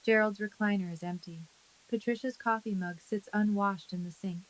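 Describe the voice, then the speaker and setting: Woman calmly narrating a first-person story. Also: mid-range voice, moderate pace, rough recording.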